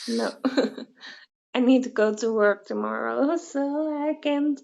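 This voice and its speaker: A woman from the Netherlands hosts a relaxed interview over a video call. Her voice is high and her speech is slow and unhurried. The sound is a little dull, with the lo-fi quality of a web call. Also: vocal fry. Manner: laughs often, short questions. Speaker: interviewer, host. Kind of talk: casual interview chat.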